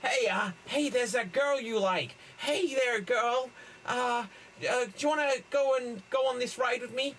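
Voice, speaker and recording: A man voicing an excitable boy in a rushed, shouty movie skit. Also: extremely high pitch, pitched above the performer's own voice, full character voice, poor audio. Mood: excited.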